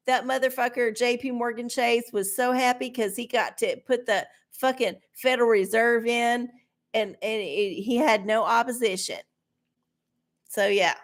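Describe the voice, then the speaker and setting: A middle-aged woman hosting a livestream, ranting bluntly and sarcastically with a lot of swearing. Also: on the high side. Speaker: livestream host. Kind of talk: profane ranting chat.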